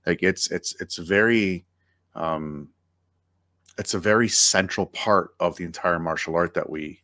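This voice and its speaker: A man hosting a podcast, talking in a relaxed, reflective way with some hesitations. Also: sits low, unhurried, no room sound, clean studio sound. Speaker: podcast host. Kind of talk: conversational interview.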